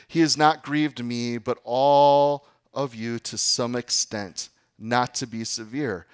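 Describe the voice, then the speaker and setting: A man preaching a sermon as pastor, talking to the congregation in a conversational way and often checking in with "okay" and "guys", sometimes rising to emphatic, louder peaks. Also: mid-range voice, dry recording, studio quality.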